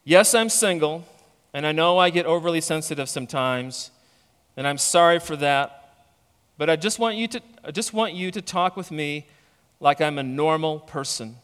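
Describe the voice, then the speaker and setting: A man preaching a sermon as a pastor, speaking earnestly and deliberately. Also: fairly high pitch, a bit bright, smooth. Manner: earnest, slow and deliberate, reading a letter aloud. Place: church sanctuary. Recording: long reverb of a large hall.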